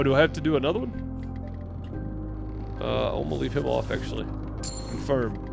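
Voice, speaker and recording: A man's voice: medium pitch, creaky. A man hosting a let's play, reading game text aloud and commenting, self-deprecating and stumbling over words. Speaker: gaming channel host.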